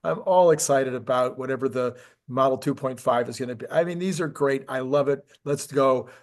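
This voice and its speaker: A man's voice: mid-range voice, normal speed. A man with an ordinary mid-range voice co-hosts a casual tech talk. He rambles with enthusiasm, restarting phrases and piling up questions as he goes. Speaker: podcast co-host.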